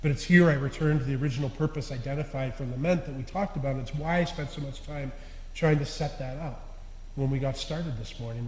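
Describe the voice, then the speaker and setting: A lay preacher delivers an earnest, confessional sermon in a slightly high male voice, his delivery swinging between loud stresses and quiet endings. The echoey hall gives it a long reverb.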